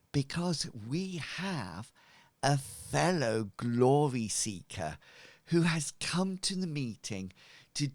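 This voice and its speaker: A man's voice: mid-range voice, no echo, voice pushed up. A man voicing a pompous robed male cult leader who makes grandiose speeches to his followers.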